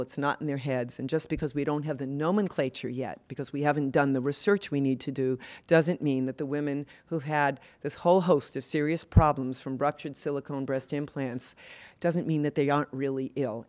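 An older woman, a women's health advocate, speaks at an award event in a low voice with a darkish tone. She is earnest and passionate, with frequent fillers and restarts.

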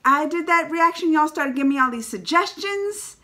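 A woman hosting a trailer reaction video, loud and exclaiming, talking straight to her viewers. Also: high voice, animated, normal speed.

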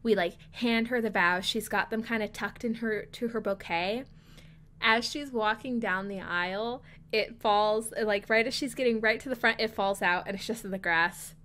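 A woman's voice: mid-range voice, moderate pace, fairly bright tone. A young woman telling a rambling story in a casual voice-over, chatty and often laughing between lines. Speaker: video creator.

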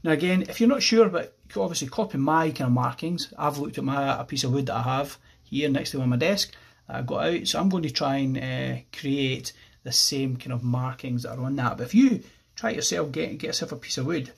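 A man with an Irish accent explaining a pencil drawing step by step as he works, relaxed and thinking aloud. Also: mid-range voice, fairly quick, gravelly, hardly any pauses, breathy edge. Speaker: art teacher. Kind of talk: drawing tutorial narration.

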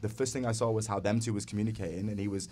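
A man's voice: on the low side, fairly even intonation, rapid-fire, a little mellow, slight background noise. A man in casual podcast conversation as a guest dancer, earnest and reflective. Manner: earnest, reflective, talks in a rush.

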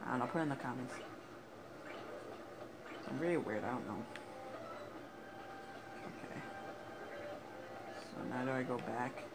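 Speaking unhurriedly and pausing often, a man with a mid-range voice provides let's play commentary on a video game. He gets frustrated a lot and swears at it, while police sirens and game noise fill the background.

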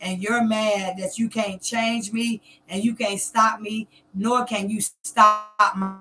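A woman's voice: medium pitch, steady tone, slow pace, sharp tone, a little hiss or hum. A middle-aged woman from Georgia, ranting to camera in a confrontational, taunting way. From Columbus, Georgia, US. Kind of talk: direct-to-camera rant.

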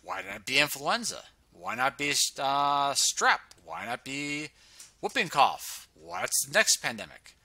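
A man's voice: on the high side, sing-song, takes it slowly, bright, forceful tone, no echo. A man casually talking through charts on screen, sarcastic and humming filler sounds while he scrolls. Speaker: presenter reviewing health data on screen. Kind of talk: casual screen-share commentary.

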